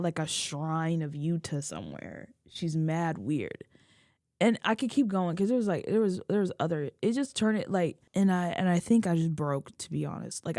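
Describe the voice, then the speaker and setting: A young woman, a video creator, talking through tears in a halting, emotional confessional vlog. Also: on the low side, mellow, dry recording, clean studio sound. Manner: tearful, halting, many restarts. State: crying.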